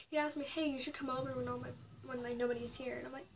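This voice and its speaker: This young woman speaks very fast, with almost no pauses, in a high voice of fairly even intonation. As a vlogger she tells a confessional personal story to camera, dropping into whispers and then sharply raising her voice in anger. Faint noise is present, and the mic is a bit distant.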